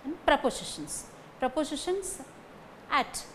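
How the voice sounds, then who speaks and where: A woman giving a recorded lecture on phonetics, speaking deliberately, repeating example sentences and checking in with "okay" between points. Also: on the high side, animated, a little hiss or hum, rough recording.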